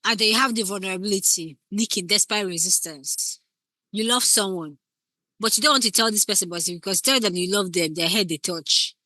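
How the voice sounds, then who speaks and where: A woman's voice: mid-range voice, fairly quick, sharp tone, no echo. A woman teaching scriptwriting in a casual lecture, acting out short example lines as she explains. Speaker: scriptwriting instructor.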